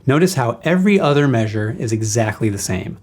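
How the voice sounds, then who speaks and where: A man teaches a guitar lesson, breaking down a solo with patient explanations. His voice sits at an ordinary mid pitch. He sings the rhythms out loud as syllables. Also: lively intonation, fairly quick. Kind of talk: music theory lesson.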